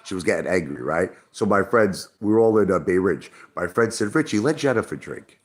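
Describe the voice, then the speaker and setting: A man's voice: deep voice, brisk. A middle-aged man from Brooklyn, rambling and swearing in a casual livestream chat, repeating himself as he talks. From Brooklyn, New York. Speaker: livestream host.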